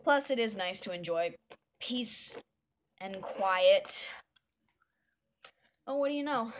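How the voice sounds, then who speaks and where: A woman's voice: mid-range voice, animated, slow pace, slight background noise. A woman chatting casually while drawing a comic, rambling and often restarting her sentences. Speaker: artist drawing a fan comic.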